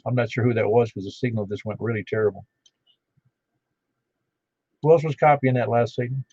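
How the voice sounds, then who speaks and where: Net-control man, folksy and chatty, mellow dark voice, dry, muffled lo-fi audio. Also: mid-range voice, fairly quick, slight background noise. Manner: folksy and chatty, reading out call signs. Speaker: net control for an amateur radio net. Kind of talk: casual on-air radio net chat. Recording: dull lo-fi radio audio.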